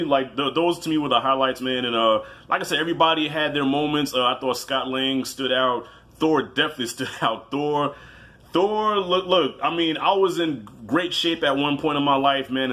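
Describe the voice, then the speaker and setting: In a mid-range voice, a man tells a movie review as if it were a story, lively and relaxed, swearing without restraint and playing out how he reacted.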